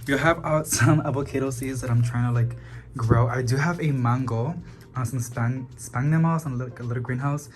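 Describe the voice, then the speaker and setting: Fast, chatty man giving a plant tour. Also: mid-range voice. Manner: chatty, talks fast, calls plants "girly". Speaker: plant channel host. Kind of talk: casual home tour vlog. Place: apartment full of houseplants.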